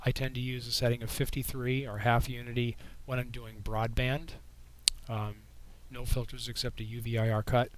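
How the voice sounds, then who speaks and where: A man hosting a casual livestream with a frog in his throat. He talks in a relaxed, rambling way and answers viewers' questions with a microphone right at his mouth. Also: medium pitch, normal speed, noisy background. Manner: relaxed, rambling, reading chat questions aloud. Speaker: astronomy livestream host. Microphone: microphone held right in front of his mouth.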